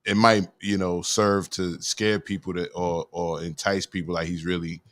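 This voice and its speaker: A man's voice: sits low, level tone, normal speed, a bit bright. A male host in a casual chat show, talking in laid-back slang and reading viewer comments aloud.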